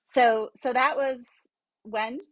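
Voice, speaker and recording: A woman's voice: on the high side, steady tone, slow pace, dry recording, poor audio. A woman hosting a podcast interview, summarizing her guest's story and asking supportive questions.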